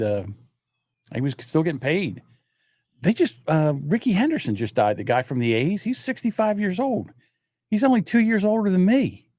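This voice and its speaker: A man's voice: fairly high pitch, a little mellow, no echo, studio quality. A man in his sixties hosting a livestream, telling rambling stories in casual chat and swearing freely. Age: 60s. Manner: profane, rambling storyteller. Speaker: livestream host.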